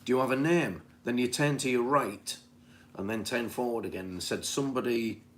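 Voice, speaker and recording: A man's voice: medium pitch, normal speed. A man from Britain in casual chat, reading back notes from a session in a conversational way. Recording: faint background noise.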